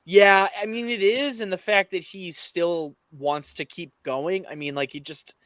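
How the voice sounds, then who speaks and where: A man's voice: high-pitched, steady tone, unhurried, fairly bright tone, no room sound. A man hosting a casual sports podcast, playful and teasing as he runs the segments.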